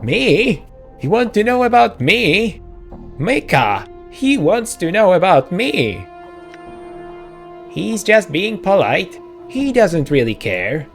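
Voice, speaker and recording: Man playing a shrill nagging old shopkeeper woman, high voice, gravelly edge, video game read-aloud. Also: very animated, slow pace, few pauses, soft background music, heavily acted. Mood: scornful. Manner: nagging, bossy. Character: braying, scolding small woman shopkeeper.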